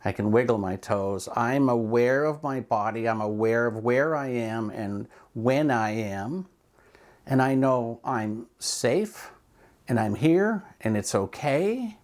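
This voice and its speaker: A man speaking in a calm, reflective way as he walks through a mindfulness idea. His pitch sits in the middle range for a man. He often drifts into asides and examples of his own inner talk. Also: takes it slowly. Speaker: speaker and coach.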